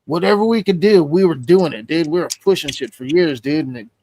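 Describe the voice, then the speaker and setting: A man's voice: on the high side, fairly quick, mellow. A man hosting a stream, telling a long, rambling story in casual, profane chat and acting out the voices of the people in it. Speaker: stream host.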